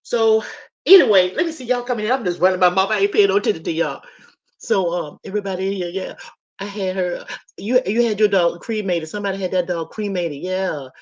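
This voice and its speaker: A woman's voice: mid-range voice, fairly quick, highs cut off. A woman telling a story casually on a live stream from her home, talking straight to her viewers, chatty and swearing freely. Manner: chatty, profane, addresses viewers as y'all. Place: at home, moving from kitchen to living room. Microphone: laptop on a live stream.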